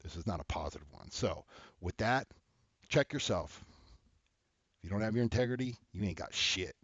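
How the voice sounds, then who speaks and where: A man's voice: fairly low pitch, lively intonation, normal speed, fairly bright tone, slightly rough, dry recording, lo-fi sound. A man hosting an advice show who talks bluntly and heatedly, and keeps checking in with "okay?". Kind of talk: casual advice talk to camera.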